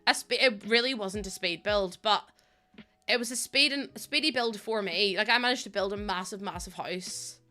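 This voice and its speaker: A woman's voice: mid-range voice, moderate pace, bright, forceful tone. A young woman with a Northern Irish accent, chatting and laughing with viewers on a casual live stream while she builds in a game. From Northern Ireland. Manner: chatty and rambling, laughs often, talks to viewers.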